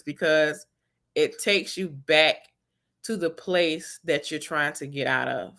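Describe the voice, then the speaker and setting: Woman, slow and deliberate, bright tone, encouraging, repeats key phrases. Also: lowish voice. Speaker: wellness vlogger giving advice. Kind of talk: casual encouraging talk to viewers.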